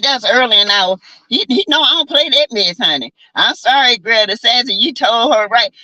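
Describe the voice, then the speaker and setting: A sassy Southern woman tells stories to her viewers in a bright, lively voice that swings high and low. She swears freely and calls everyone honey and baby. The sound is close and dry. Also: normal speed, hardly any pauses, dry recording, rough recording. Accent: Southern American. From South Carolina. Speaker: vlogger chatting with live viewers. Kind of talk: casual storytelling chat.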